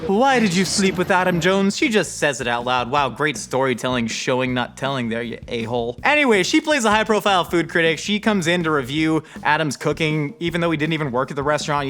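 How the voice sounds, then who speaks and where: Sarcastic ranting man, higher voice. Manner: animated, sarcastic, jumps into high-pitched voices. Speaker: host. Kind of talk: comedic rant about a movie.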